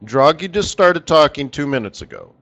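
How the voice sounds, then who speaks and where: A man's voice: on the high side, very animated, moderate pace, a bit bright. A man hosting a live trading strategy session, chatting casually and animatedly with viewers by name as he teaches. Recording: dull lo-fi stream audio.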